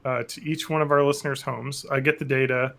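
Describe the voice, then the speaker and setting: A man with a gravelly, creaky voice rambles through jokey podcast talk. His pitch sits in an ordinary middle range as he tells loose stories among friends. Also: flat delivery, a little fast, a bit bright. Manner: rambling, joking. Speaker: podcast co-host. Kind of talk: casual podcast chat.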